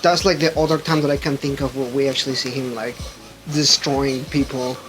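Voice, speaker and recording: A man hosting a podcast, chatting casually about video games in an excitable, rambling way with lots of restarts. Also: medium pitch, a little fast, a little hiss or hum, rough recording. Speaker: podcast host. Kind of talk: casual gaming chat.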